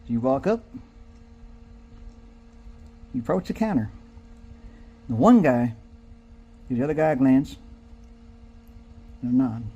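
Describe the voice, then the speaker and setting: A man's voice: mid-range voice, sing-song, normal speed, pauses often, warm tone, breathy edge, lo-fi sound. A man telling a rambling comic story in a drawling, folksy way, acting out the people in it. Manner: drawling, folksy, digressive, acts out characters. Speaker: comedic storyteller.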